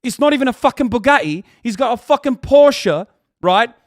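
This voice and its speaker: A man putting on a mocking British accent, playing a swaggering, smug male influencer with a loud, strutting delivery. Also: very high-pitched, lively intonation, normal speed, no echo, studio quality, voice pushed up. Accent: mock British.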